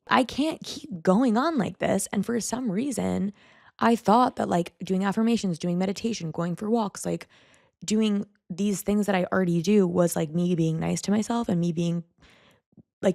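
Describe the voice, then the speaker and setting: A woman's voice: mid-range voice, creaky, a little mellow, no echo, studio quality. A young woman vlogging a candid, rambling personal monologue, full of "like" fillers. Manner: rambling, frequent "like" fillers, self-critical venting.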